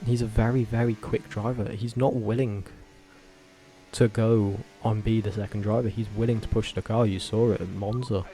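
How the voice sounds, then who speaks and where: Low, mellow man rambling opinions. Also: moderate pace. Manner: rambling and animated, with self-corrections and tangents. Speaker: vlogger. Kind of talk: casual opinionated commentary.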